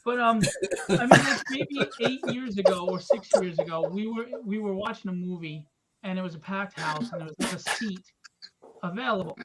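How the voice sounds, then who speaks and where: A middle-aged man hosting a livestream, telling stories in casual chat, animated and profane, acting out the people in them. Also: high-pitched, normal speed, heavy background noise. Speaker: livestream host.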